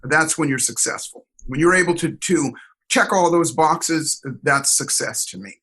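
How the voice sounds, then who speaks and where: A man telling stories in an interview, energetic and expressive, acting out the voices of people he quotes. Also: on the high side, a little slow, slightly rough, low-quality recording. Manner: energetic, expressive, acts out dialogue. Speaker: guest, performance coach. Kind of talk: animated storytelling interview.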